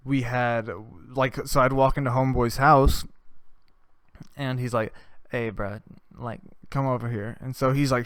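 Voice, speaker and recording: Animated young man telling stories. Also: medium pitch, smooth, no echo, studio quality. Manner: animated, swears a lot, laughs at his own stories. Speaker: podcast host. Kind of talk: casual storytelling monologue.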